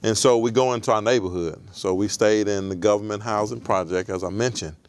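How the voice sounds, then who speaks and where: Low-voiced man telling his life story. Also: clean tone. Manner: reflective, measured storytelling. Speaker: interview guest. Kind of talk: storytelling in an interview.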